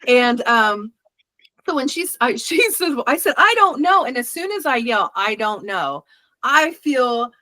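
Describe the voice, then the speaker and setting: Woman guest telling her story, kinda high voice, laughs a lot, acts out what people said, dry close sound. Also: measured pace, no echo. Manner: animated, laughs often, acts out quoted voices. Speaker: interview guest. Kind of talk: storytelling in a casual interview.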